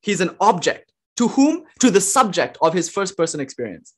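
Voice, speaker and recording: A man's voice: high-pitched, sing-song, moderate pace, husky. A man lecturing on philosophy in a passionate, conversational way, full of rhetorical questions. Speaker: lecturer on non-dual philosophy.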